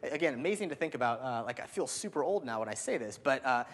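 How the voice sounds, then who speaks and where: A man in his thirties giving an energetic keynote speech, with lots of "um" and "like" fillers. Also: medium pitch, fast. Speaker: keynote speaker. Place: large hall. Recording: long hall reverb.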